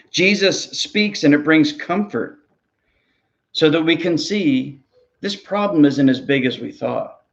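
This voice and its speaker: A man's voice: mid-range voice, vocal fry, highs cut off. A man, a ministry pastor, preaching a sermon in an earnest, conversational way, often repeating words as he goes.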